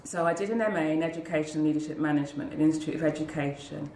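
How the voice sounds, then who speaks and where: A woman being interviewed tells her own story in an earnest, heartfelt way, slipping into the voices of the people she quotes. Her voice sits a little low for a woman. The room around her gives an echo. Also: very fast, mellow, slight background noise. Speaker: interview guest, school leader. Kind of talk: personal storytelling. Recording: roomy echo.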